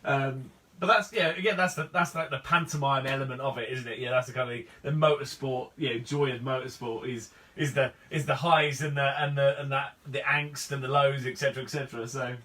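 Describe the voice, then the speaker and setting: Male host, bright voice, hesitant casual talker, set back from the mic. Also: mid-range voice, fairly even intonation, fairly quick, hardly any pauses, recorded from a distance. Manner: hesitant, restarts often. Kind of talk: casual chat. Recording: voice from away from the mic.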